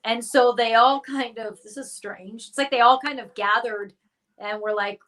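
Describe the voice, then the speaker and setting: A woman doing remote viewing in a casual live chat, halting and full of restarts, given to squeamish exclamations. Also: on the high side, fairly even intonation, a bit bright. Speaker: psychic remote viewer.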